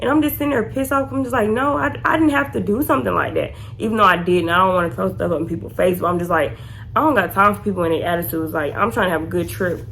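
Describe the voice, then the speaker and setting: Young woman vlogger, lively casual storytime, acts out quotes high. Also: racing, slight background noise. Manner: animated, acts out quotes in raised pitch.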